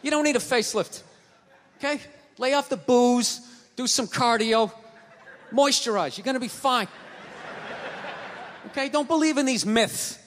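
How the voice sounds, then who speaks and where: A man in his forties doing a profane, ranting stand-up comedy routine on stage, with loud outbursts. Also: very high-pitched, measured pace, pauses often, a little hiss or hum. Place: stage in a large venue. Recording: live show in a big hall.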